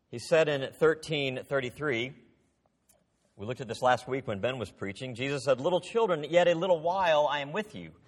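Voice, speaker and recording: A man preaching a sermon as pastor, reading scripture aloud and acting out the people in it, dropping to intense low lines. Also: in a large hall.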